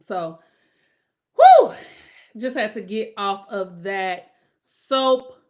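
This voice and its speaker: A middle-aged woman hosting her own podcast, talking casually and bluntly with strong opinions, now and then rising into loud emphatic outbursts. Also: medium pitch, takes it slowly. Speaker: podcast host. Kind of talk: casual solo podcast rant.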